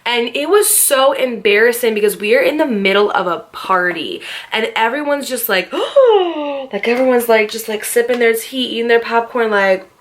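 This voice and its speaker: A young woman in her twenties telling a story to her viewers in a casual, animated way, full of fillers and quoted dialogue. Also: fairly high pitch, moderate pace, few pauses. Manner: chatty, animated retelling with quoted voices and laughter; frequent fillers and direct address to viewers.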